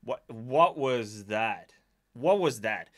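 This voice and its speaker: This is a Swedish man with a medium-pitched, slow voice and a Swedish accent, chatting casually on a live stream. He's animated, laughs a lot, and often pokes fun at himself.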